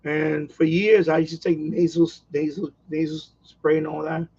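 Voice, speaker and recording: A man's voice: on the high side, flat delivery, moderate pace, dark tone, slightly rough, lo-fi sound. A man chatting casually on a live stream at home, rambling and repeating himself with lots of fillers. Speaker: radio hobbyist live streamer. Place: at home, quiet house.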